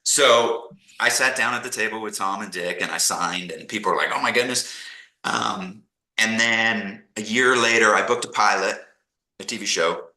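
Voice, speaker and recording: A middle-aged man from Canada, a podcast guest telling animated stories and acting out the people he quotes. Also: on the low side, moderate pace, echoey room, poor audio. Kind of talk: casual storytelling interview.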